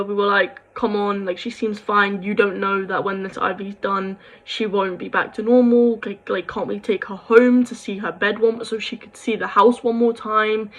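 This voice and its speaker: A woman's voice: mid-range voice, fairly bright tone, poor audio. A young woman, rambling through a sad personal story to camera, full of quoted dialogue and sighs. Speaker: vlogger.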